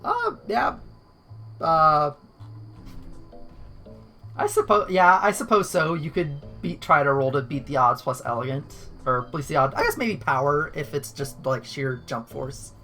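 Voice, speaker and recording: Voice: mid-range voice, sing-song, unhurried, bright, forceful tone, faint music behind. A game master narrating a tabletop game in a loose, rambling way, often restarting sentences. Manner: rambling, self-correcting restarts.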